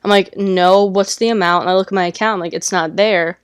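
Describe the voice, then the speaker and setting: A woman's voice: mid-range voice, steady tone, brisk, clear, resonant tone, no room sound, studio quality. A woman cohosting a podcast, telling a long story in a casual chat.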